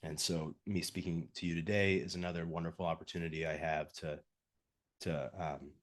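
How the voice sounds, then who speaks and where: Low-voiced male lecturer, husky cold-roughened voice, earnest, video-call audio. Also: flat delivery, fairly quick. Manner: earnest, repeats words when starting sentences. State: hoarse from a cold. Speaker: guest lecturer. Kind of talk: academic lecture.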